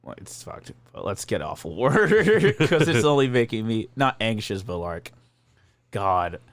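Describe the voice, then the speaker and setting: Man, podcast guest, lively swinging pitch, profane and joking, dry room. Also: measured pace, no echo. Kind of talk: casual chat.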